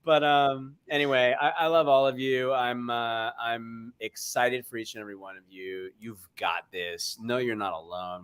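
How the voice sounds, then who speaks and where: A man speaking earnestly in a heartfelt motivational chat on a video call, swinging between loud bursts and hushed moments. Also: mid-range voice, fairly even intonation, normal speed, hardly any pauses, clear, resonant tone. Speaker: guest speaker.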